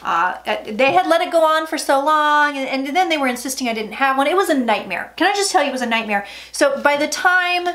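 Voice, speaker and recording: A woman's voice: high voice, lively intonation, a little fast, few pauses, a bit bright. A woman psychic giving a casual tarot reading vlog, chatty and emphatic, often dropping into murmured asides.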